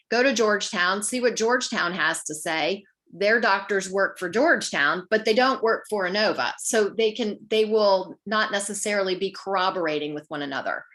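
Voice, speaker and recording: Woman, patient advocate, informal community talk, brisk practical advice, mid-pitched. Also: a bit bright. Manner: practical, conversational, acts out short dialogues.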